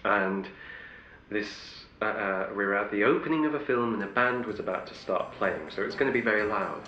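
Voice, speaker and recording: A man's voice: fairly low pitch, moderate pace, bright, forceful tone, echoey room, dull audio. Sex: man. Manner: wry anecdotal actor, interview. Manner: anecdotal, wry, restarts sentences. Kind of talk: interview storytelling.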